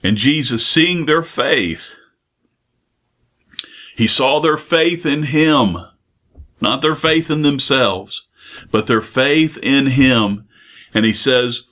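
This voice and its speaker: A man's voice: mid-range voice, slow pace, a bit bright. Earnest male preacher, rhetorical questions. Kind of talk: sermon.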